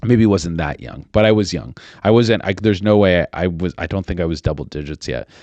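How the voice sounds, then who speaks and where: Deep-ish guy hosting a comedy podcast, swears a lot, rambles, dry close mic. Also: animated, brisk, a little mellow, no room sound, lo-fi sound. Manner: profane, rambling, many fillers and restarts. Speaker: podcast host. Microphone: studio microphone.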